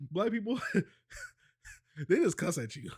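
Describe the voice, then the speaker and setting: A man chatting on a home stream, laughing almost nonstop as he reacts in loose, slangy banter. His voice sits a touch high for a man and swings widely in pitch. It sounds relaxed and playful. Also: takes it slowly, breathy edge, dry recording, studio quality. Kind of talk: casual reaction chat.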